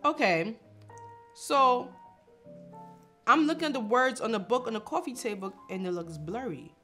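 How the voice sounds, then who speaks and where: A woman's voice: on the high side, normal speed, faint music behind. A young woman telling a personal story, laughing and acting out what others said. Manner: animated, laughing, acts out quotes. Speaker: vlog host. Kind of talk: casual storytelling.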